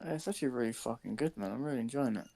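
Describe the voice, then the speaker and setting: Gravelly British guy in casual chat. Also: mid-range voice, very fast. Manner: relaxed, chatty, a little profane. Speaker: guest in voice chat.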